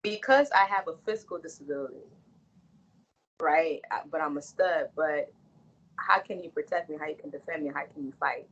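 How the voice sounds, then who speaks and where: A woman speaks frankly and earnestly in a relaxed interview, circling back and repeating herself as she works through her thoughts. Her voice sits on the low side. The recording sounds dull and lo-fi. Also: moderate pace. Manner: earnest and frank, with frequent restarts and repeated phrases. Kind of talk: candid conversational interview.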